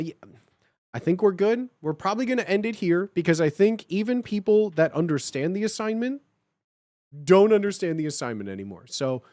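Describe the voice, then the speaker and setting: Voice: mid-range voice, a little mellow, dry recording, clean studio sound. Reassuring, repetitive livestreamer in casual chat. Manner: reassuring, repeats itself, blunt and joking.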